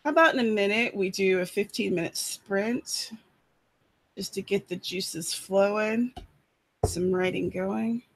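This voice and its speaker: A woman's voice: mid-range voice, measured pace. A woman with a lilt chats loosely to her audience about her writing. Her talk rambles and winds through fillers and restarts. She speaks from a room in her apartment. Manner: chatty, rambling, many fillers. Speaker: writer hosting a live chat. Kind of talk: casual live-stream chat.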